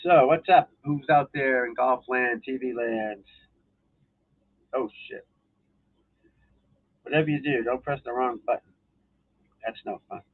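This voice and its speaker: A man's voice: medium pitch, steady tone, measured pace, pauses often. A man hosting a golf instruction live stream, rambling casually and swearing as he flips through channels and talks to viewers. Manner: loose, profane, talking to viewers while flipping channels. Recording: tinny phone-like audio.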